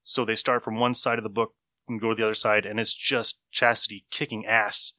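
A man's voice: fairly low pitch, little pitch movement, brisk, sharp tone, no echo, studio quality. A man hosting a casual podcast, retelling comic stories in a loose, rambling way with frequent laughs and swearing. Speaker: podcast host reviewing comics. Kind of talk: casual chat.

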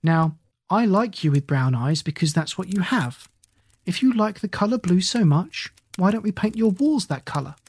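A reader voicing a cheerful, kindly eccentric aunt in a storybook, gentle and reassuring. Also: mid-range voice, lively intonation, moderate pace, husky. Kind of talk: storybook character voice.

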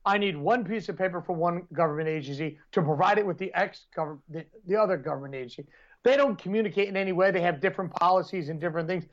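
A man's voice: sits high, highs cut off. A man co-hosting a podcast, telling rambling stories in casual chat and laughing often. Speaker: podcast co-host.

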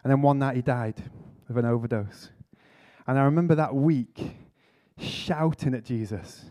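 Warm-voiced man preaching. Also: medium pitch, normal speed. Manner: earnest with self-mocking humour. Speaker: speaker at a church conference. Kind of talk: storytelling sermon talk. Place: conference hall talk.

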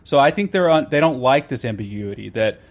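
A man of medium pitch holds forth in a relaxed, opinionated conversation about film and politics. He talks quickly and restarts his sentences often, leaning on fillers as he builds his argument.

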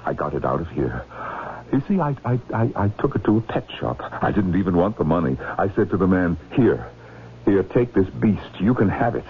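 A stammering, panicky haunted professor. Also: male voice, low voice, sing-song, moderate pace. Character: frantic, haunted older male professor. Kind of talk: 1970s radio drama acting. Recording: tinny old radio broadcast, faint noise.

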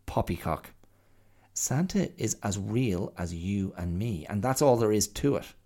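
A man's voice: lowish voice, expressive, measured pace, warm tone. A man voicing a proud, fussy little male bear in a storybook reading, speaking in a prim, matter-of-fact way.

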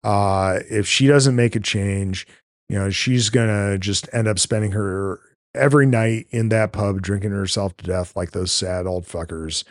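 A man's voice: lowish voice, steady tone, a little slow, no echo, clean studio sound. A man hosting a podcast, rambling through a casual film recap with many fillers and the odd swear word. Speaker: podcast host.

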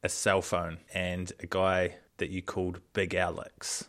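A man hosts a casual podcast interview with short, appreciative reactions. His voice sits low. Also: monotone, measured pace, fairly bright tone. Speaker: podcast host.

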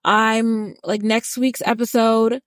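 A woman's voice: on the high side, little pitch movement, slow pace, dry recording, clean studio sound. A woman co-hosting a podcast, giving a blunt, heated recap rant and swearing freely. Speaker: podcast co-host. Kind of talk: casual reality-TV recap rant.

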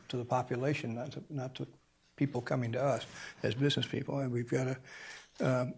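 Gravelly man talking in halting bursts. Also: medium pitch. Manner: halting, repeats words, grows emphatic. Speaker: guest. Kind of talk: panel discussion.

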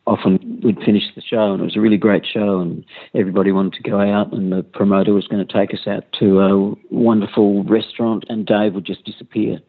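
A man tells touring stories in a relaxed, anecdotal way, his voice a little low. The sound is narrow and tinny, like a phone line. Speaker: interviewee, former bandmate. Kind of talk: conversational interview recollection.

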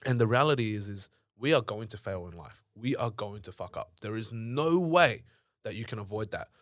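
On a podcast, a young Australian man who's an entrepreneur speaks at normal speed in a lowish, somewhat bright, animated voice. The recording is studio quality with no room sound. He tells candid stories in conversation, blunt and emphatic, with plenty of swearing.

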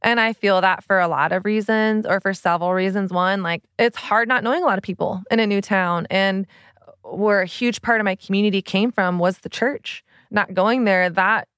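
Thirties woman, podcast host, candid confessional talk, mid-pitched, dry recording. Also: a bit bright, clean tone, no echo. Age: 30s. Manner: earnest, open, many "like" fillers. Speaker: podcast host and relationship coach.

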